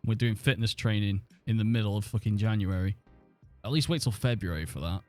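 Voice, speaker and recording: A man's voice: fairly low pitch, a little fast, darkish tone, faint music behind. A man chatting and thinking aloud as he streams a football management game, swearing now and then. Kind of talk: casual live-stream commentary.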